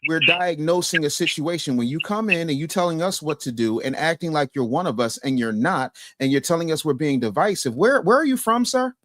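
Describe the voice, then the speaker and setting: A man's voice: a little high, fairly bright tone, no room sound. Blunt male call-in show host. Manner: blunt, commanding, quick to shut down callers.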